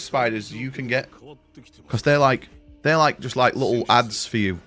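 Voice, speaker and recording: A young man talks to his live-stream chat from his room in a loose, rambling way, swearing freely as he goes. His voice sits at an ordinary middle pitch. Soft music plays quietly underneath. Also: moderate pace. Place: home room.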